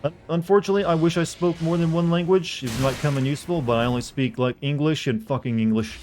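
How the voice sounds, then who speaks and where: A man's voice: fairly high pitch, quick pace, darkish tone, slight background noise. A man from the American South streaming a game live, chatting loosely and profanely with his viewers. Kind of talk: casual livestream commentary.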